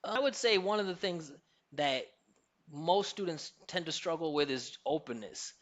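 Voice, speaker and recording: A man's voice: on the high side, animated, normal speed, dull audio. American man explaining like a teacher. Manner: emphatic teacherly explaining, demonstrates pronunciations. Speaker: accent coach. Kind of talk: explanatory interview answers.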